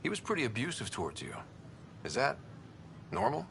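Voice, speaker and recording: A man's voice: medium pitch, huge pitch swings, a little fast, creaky, a bit bright, slight background noise, full character voice. An actor playing a wry, direct young male explorer in a video game. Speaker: player character.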